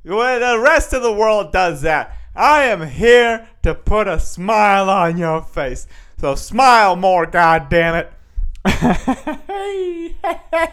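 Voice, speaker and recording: Animated high-voiced man giving himself a pep talk. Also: smooth. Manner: animated and self-motivating, with repeated catchphrases. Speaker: podcast host and stand-up comedian. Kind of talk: casual solo podcast monologue.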